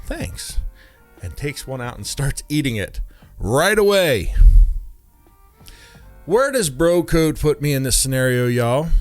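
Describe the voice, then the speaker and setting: Man, comedic storyteller, very lively pitch, chatty, wry asides, faint music underneath. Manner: chatty, keeps checking in with "right?"; wry, mock-outraged asides. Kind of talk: casual comedic anecdote.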